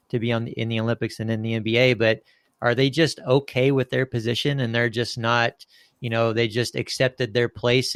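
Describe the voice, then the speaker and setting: A man co-hosting a podcast, asking a question in a halting, casual way. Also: mid-range voice, a bit bright, clean tone, dry recording, clean studio sound. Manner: halting, restarts while forming a question.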